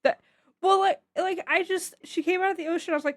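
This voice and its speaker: A woman's voice: sits high, steady tone, racing, a bit bright, no room sound, clean studio sound. A woman co-hosting a comics podcast, speaking casually and emphatically and laughing often. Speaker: podcast co-host.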